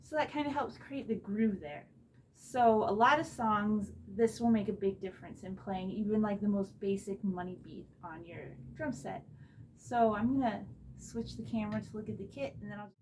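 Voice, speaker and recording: A woman teaching a casual drum lesson, explaining step by step in a relaxed way beside her drum kit, recorded on a low-quality camera mic. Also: normal speed, a little hiss or hum. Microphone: phone or camera mic.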